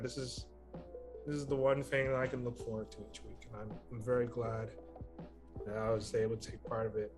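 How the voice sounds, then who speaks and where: A young man, one of the players, saying a halting goodbye with many restarts. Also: mid-range voice. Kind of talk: casual goodbye on a stream. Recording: faint music behind.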